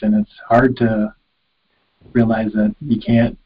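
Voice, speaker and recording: A man's voice: lowish voice, flat delivery, takes it slowly. A man hosting a podcast interview, asking questions and affirming his guest sympathetically. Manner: sympathetic, affirming, with easy laughs. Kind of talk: casual interview chat. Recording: slightly muffled, dull audio.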